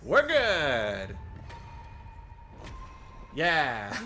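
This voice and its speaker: A man's voice: on the high side, expressive, measured pace, a bit bright. A man streaming live, chatting casually and apologizing in a flustered way while he fixes his audio on a desk mic. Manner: flustered, apologetic, self-deprecating laughs. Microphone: desk microphone. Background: faint awards-show music from a TV.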